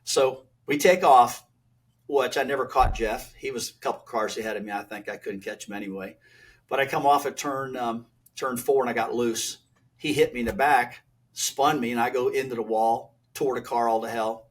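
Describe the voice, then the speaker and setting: An older man, a retired race driver, telling animated stories as a podcast guest and acting out old exchanges in a blunt, folksy way. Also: medium pitch, moderate pace. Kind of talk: animated storytelling.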